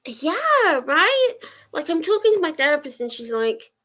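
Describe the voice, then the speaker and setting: Her high voice unhurried, sing-song and fairly bright, a young woman hosts reading sprints live and chats casually with viewers. She laughs often and gets teary, and the recording is rough.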